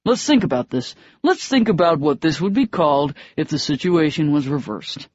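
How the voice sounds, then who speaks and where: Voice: medium pitch, sing-song, normal speed, darkish tone, no room sound. An audiobook narrator voicing an angry, blunt young man who speaks in clipped, hard phrases. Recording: dry, slightly dull audiobook recording.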